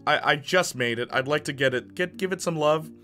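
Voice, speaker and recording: A man's voice: on the high side, fairly quick, pushed and bright, faint music behind. A man streaming live, chatting casually and reading his chat aloud with sarcastic, joking banter.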